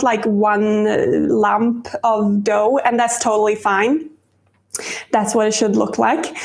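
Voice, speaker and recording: A woman's voice: on the high side, echoey room. A woman hosting a casual live-stream baking demo, chatty and rambling and laughing often. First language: Swedish. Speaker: cooking show host.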